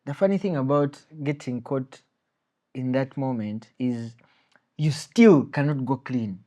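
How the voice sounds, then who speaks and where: A man's voice: mid-range voice, a little slow, mellow. A young man co-hosting a podcast, joking and teasing in casual chat. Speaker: podcast co-host.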